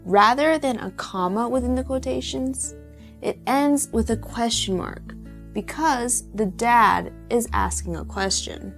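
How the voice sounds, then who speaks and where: A woman teacher narrating a lesson with slow, clear explanations. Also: on the high side, fairly bright tone. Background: faint guitar music.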